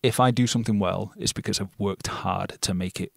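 A British actor telling stories as a guest in a casual interview, blunt and swearing freely. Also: male voice, lowish voice, steady tone, a little fast, gravelly, slightly rough, no echo, studio quality. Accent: non-RP British. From Britain.

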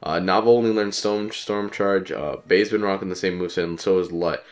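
A man's voice: low-pitched, fairly even intonation, brisk. A young man with a cold and a congested voice, giving casual, rambling and profane commentary while playing a game. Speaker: let's play commentator.

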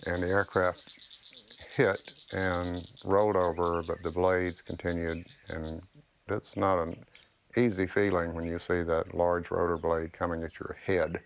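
An older man, a war veteran, recalling events slowly and soberly in a documentary interview. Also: low voice, flat delivery, gravelly, a little hiss or hum.

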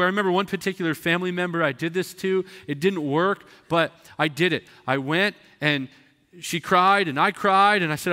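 A man's voice: high-pitched, normal speed, sharp tone. A man preaching a sermon in a church, emphatic and conversational, acting out the voices of the people he describes. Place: church sanctuary. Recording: long reverb of a church hall.

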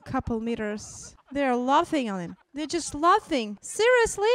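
A woman's voice: high-pitched, expressive, measured pace. A woman hosting a movie reaction who talks with strong emotion, exclaiming and speaking straight to her viewers. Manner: exclaiming and addressing viewers as guys.

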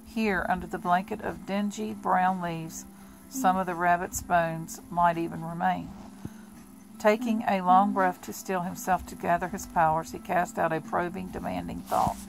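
A woman reads a vampire novel aloud in a steady, plain way, stumbling and restarting now and then. Her voice sits low and gravelly, with faint music behind it. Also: moderate pace, poor audio. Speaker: audiobook reader. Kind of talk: amateur novel reading.

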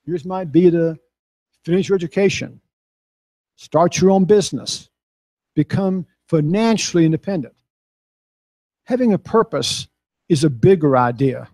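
A man's voice: on the high side, no echo. Casting: older man, folksy storyteller, slightly raised voice, dry close sound. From Texas. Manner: folksy, animated when quoting others. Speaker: speaker. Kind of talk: storytelling talk.

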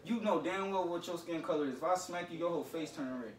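A man's voice: fairly high pitch, quick pace, distant mic. Young man lecturing from off-mic. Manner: lecturing, swinging from stern to joking. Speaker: older brother scolding younger brother. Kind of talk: casual prank video talk. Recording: roomy, from off-mic.

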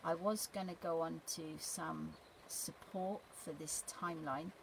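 A woman giving an unscripted spiritual teaching, gentle and halting with many pauses and restarts. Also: low voice, steady tone, creaky, noisy background.

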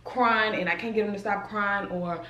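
A woman's voice: mid-range voice, moderate pace, roomy sound, slight background noise. A young woman with a Southern US accent talking casually and animatedly to her viewers in a home vlog. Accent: Southern US, New Orleans area. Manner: animated, addresses viewers as y'all and child. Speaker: vlogger.

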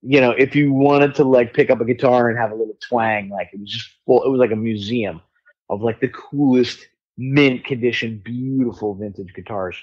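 A man's voice: medium pitch, moderate pace. Swearing storyteller man, dull audio. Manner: animated, swearing, acts out quoted voices. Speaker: guest musician. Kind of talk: casual storytelling chat.

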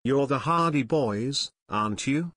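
A man's voice: mid-range voice, measured pace. A man reading the part of an angry middle-aged man who is confronting two young men in an audiobook. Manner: shouting, accusing.

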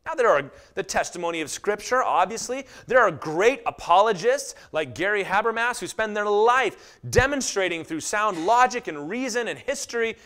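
A middle-aged man preaching a sermon, telling stories animatedly and acting out quotes in lively voices. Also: high voice. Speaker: pastor.

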